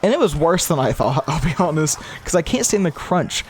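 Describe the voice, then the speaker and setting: A man's voice: a little high, a little fast. A man in his twenties giving casual, rambling commentary while playing a game, often restarting his sentences and muttering gameplay remarks under his breath. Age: 20s. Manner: rambling, with frequent restarts and stumbles; switches between lively talk and muttered gameplay remarks. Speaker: gaming YouTuber. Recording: game gunfire and noise behind voice. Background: video game gunfire and zombie sounds.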